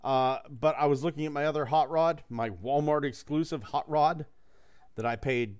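A man's voice: fairly high pitch, moderate pace, a little mellow, smooth. A man co-hosting a casual podcast chat, rambling and joking, swearing freely.

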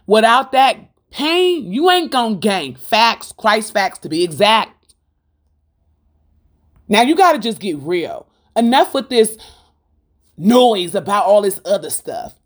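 A woman's voice: mid-range voice, big pitch swings, takes it slowly. A woman giving an informal Christian sermon in a fervent, rhythmic style. She repeats lines for emphasis and puts rhetorical questions straight to her listeners. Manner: fervent, preachy, rhythmic and repetitive. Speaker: Christian speaker.

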